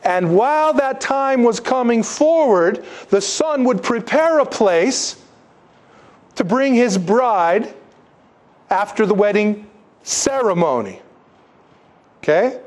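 High-voiced preacher, emphatic and animated. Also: male voice, slow, pauses often. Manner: emphatic, rhetorical questions to the congregation; animated storytelling with asides. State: congested, needing tissues. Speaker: pastor. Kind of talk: sermon.

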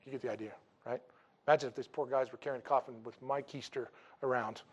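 A man preaching a sermon, telling the story in a humorous, animated way and acting out the dialogue casually. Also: mid-range voice, fast talker, slightly rough, lo-fi sound. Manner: acts out dialogue in a casual, jokey way. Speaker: pastor.

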